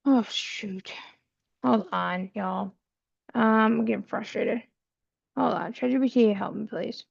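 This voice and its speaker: A woman's voice: a little high, unhurried, gravelly, slightly rough, no echo, lo-fi sound. A woman vlogging while coding, muttering to herself and her viewers in growing frustration. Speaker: tech vlogger. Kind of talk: casual talk while coding.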